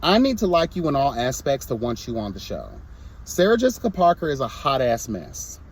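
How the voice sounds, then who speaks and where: A man's voice: medium pitch, sing-song, brisk, husky. A young man reviewing a reality show in a casual vlog, sassy and blunt, breaking into mocking impressions.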